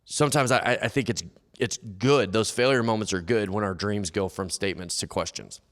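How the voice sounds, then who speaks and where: Male pastor, low voice, casual sermon delivery that slips into quoted voices, long hall reverb. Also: brisk, fairly bright tone. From United States. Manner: conversational, acts out quoted inner dialogue. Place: church hall.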